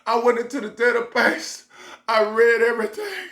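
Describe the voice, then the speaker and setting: A woman vlogger telling a comic story in loose, repetitive casual phrasing, breaking into animated exclamations. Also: on the high side, normal speed, echoey room.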